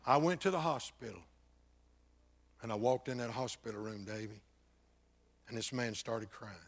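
Speaking at normal speed in a medium-pitched voice, an older pastor recounts his personal testimony. He alternates between loud outbursts and quiet, near-whispered stretches.

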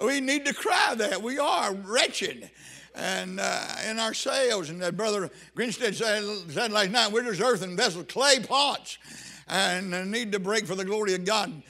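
A man preaching a fervent revival sermon, rising to shouts and half-sung phrases. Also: high-pitched, lively intonation, measured pace, creaky.

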